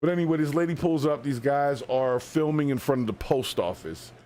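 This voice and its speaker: A man's voice: mid-range voice, fairly quick, warm tone, slight background noise. A man hosting a live stream, giving wry, chatty commentary as he reacts to a video clip.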